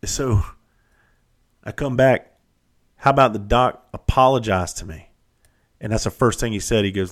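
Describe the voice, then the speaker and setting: A middle-aged man hosts a podcast, speaking in a lowish, steady voice at a moderate pace with frequent pauses. In a casual storytelling monologue, he shares blunt, profane tales from his own past with a self-deprecating edge.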